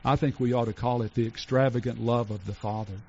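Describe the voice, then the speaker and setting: A man's voice: mid-range voice, fairly even intonation. Earnest preaching man, dull lo-fi recording. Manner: earnest, slows to stress lists, drops soft for tender points. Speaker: pastor. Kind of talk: sermon.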